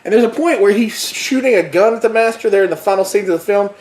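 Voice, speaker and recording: A man with a fairly high voice, talking casually as he rambles through a movie plot with joking asides. The recording has a noticeable roomy echo around him. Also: quick pace, a little mellow. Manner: rambling, jokey storytelling with asides. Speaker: podcast co-host. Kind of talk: casual movie recap chat.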